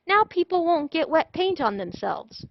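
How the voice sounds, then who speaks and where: A woman's voice: extremely high pitch, sing-song, normal speed, creaky, muffled recording, pitched above the performer's own voice, exaggerated voice. Amelia Bedelia, a woman voicing a chipper literal-minded housekeeper. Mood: cheerful. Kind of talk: children's storybook read-aloud.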